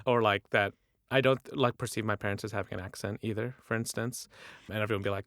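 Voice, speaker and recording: A young man from Michigan sits as a podcast guest and tells his stories in a loose, rambling way, full of "like" and false starts. His voice sits a little low, and it is recorded very dry and close to the mic. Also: fairly even intonation, fast talker, a bit bright, no echo. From Michigan, USA. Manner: chatty, filler-heavy storytelling with many restarts. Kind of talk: casual interview chat.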